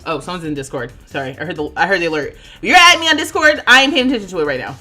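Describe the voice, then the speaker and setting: A woman in her thirties streams and chats as she plays, with a sharp, bright tone. Her pitch swings widely and she laughs easily while she thinks out loud. Faint music plays underneath. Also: sing-song, rapid-fire. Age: 30s. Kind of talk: casual livestream chat while playing.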